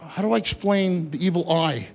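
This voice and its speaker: A middle-aged man from Greece doing loud, animated stand-up comedy on a club stage, shouting his punchlines. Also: sits high, normal speed, gravelly. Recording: live club recording with crowd noise. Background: live audience laughter.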